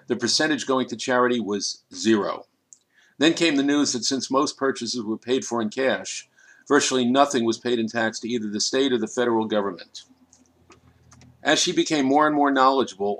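Man narrating an audiobook, measured and dramatic. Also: mid-range voice, fairly bright tone.

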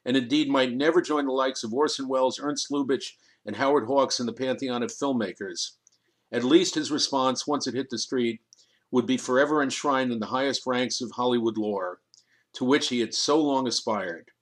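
A man narrating an audiobook, his voice sitting at an everyday middle pitch. He reads the story in a measured, steady way. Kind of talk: scripted narration.

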